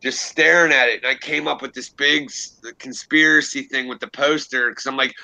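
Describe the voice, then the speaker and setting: A young man hosting a casual livestream, telling a rambling story full of swearing and laughter. His voice is very bright and forward, and it sounds dry and close, with almost no room around it. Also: mid-range voice, moderate pace, creaky, hardly any pauses, no room sound, low-quality recording. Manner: animated, profane storytelling with laughs. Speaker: livestream host.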